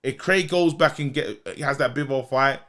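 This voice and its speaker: A man, co-hosting a podcast in animated, slangy casual chat. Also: medium pitch, normal speed. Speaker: podcast co-host.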